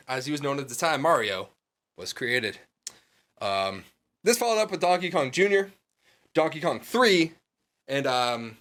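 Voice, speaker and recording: A man co-hosting a casual podcast, animated and laughing often, with plenty of ums and uhs. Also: fairly high pitch. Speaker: podcast co-host.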